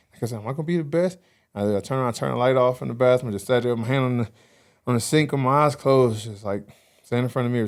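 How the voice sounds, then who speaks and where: A man in his thirties, a podcast guest in casual conversation, telling animated stories and acting out quoted dialogue. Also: mid-range voice, rapid-fire. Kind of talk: casual interview chat.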